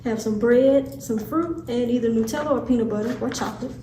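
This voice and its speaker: A woman's voice: fairly high pitch, fairly quick, warm tone. A woman hosting a casual kitchen crafts demo, chatty and instructive. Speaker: crafts segment host. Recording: echoey room, distant mic, clear noise.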